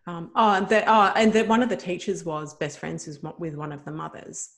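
Woman, middle-aged, gravelly, slightly low voice, emotional storytelling. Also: a little fast. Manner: emotional, animated, many "like" fillers. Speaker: guest. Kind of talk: personal storytelling.

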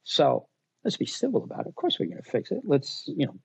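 A man who owns a gear company, talking in a casual podcast interview, blunt and animated as he tells stories about customers. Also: fairly high pitch, brisk, gravelly, breathy edge, dry recording, highs cut off. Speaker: guest, luggage company owner.

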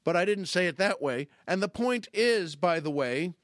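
A middle-aged man hosting a podcast, telling a comic story in an animated, wry, mock-exasperated way, with stammered restarts. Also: high-pitched, moderate pace, no room sound, clean studio sound. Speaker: podcast host.

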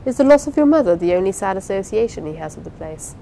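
A woman's voice: medium pitch, sing-song, creaky, dark tone, a little hiss or hum, poor audio. A woman reading a tender blind husband. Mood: earnest. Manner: tender, measured, earnest. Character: gentle blind young husband. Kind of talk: audiobook character reading.

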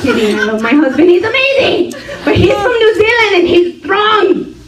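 A woman's voice: extremely high pitch, moderate pace, heavy background noise. A woman preaching a sermon to a women's gathering, laughing often and calling for responses from the crowd. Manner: animated, laughing, call-and-response. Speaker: women's ministry speaker. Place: church hall. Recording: roomy hall, distant mic, audience.

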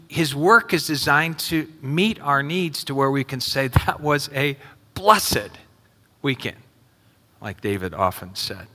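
A man's voice: medium pitch, pushed and bright. A male pastor preaching an earnest sermon and often repeating his questions to the congregation. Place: church sanctuary. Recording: long reverb in a hall.

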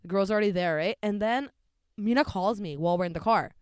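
A young woman in casual chat, telling an animated story full of swearing and quoted voices. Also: medium pitch, fast, smooth, dry recording.

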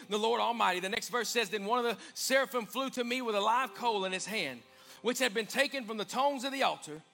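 A man preaching a sermon as pastor, swelling to emphatic peaks and dropping to hushed lines. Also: sits high, gravelly. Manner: preaching with rising, emphatic swells and quiet drops. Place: church sanctuary.

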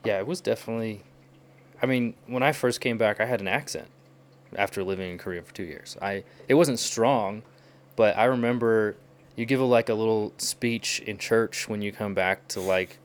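A man's voice: fairly low pitch, moderate pace. A young man from the United States chatting casually and telling stories, laughing often as he talks. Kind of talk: casual chat.

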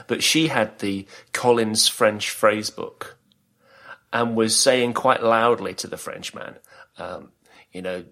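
A man's voice: mid-range voice, a bit bright. A middle-aged man from Britain, co-hosting a podcast and telling stories in casual chat, laughing often. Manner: chatty storyteller, laughs often. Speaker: podcast co-host.

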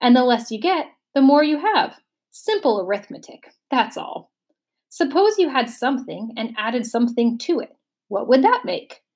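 A pleased, many-faced male figure from a storybook, explaining arithmetic like a patient teacher, as a woman puts him on. The voice sits fairly high and sounds pleased with itself. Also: sing-song, normal speed, a little mellow, heavily acted. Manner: lecturing, pleased.

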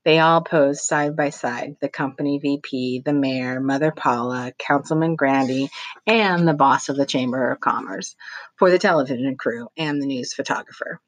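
A woman's voice: a bass voice, moderate pace, dry recording. A woman, a teacher, reading a novel aloud expressively and adding brief asides of her own.

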